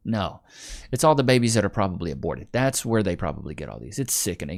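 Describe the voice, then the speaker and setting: A man's voice: medium pitch, sing-song, quick pace, creaky. A young adult man hosting a casual vlog, rambling through stories in slangy talk full of "dude" and "bro". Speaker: YouTube commentator.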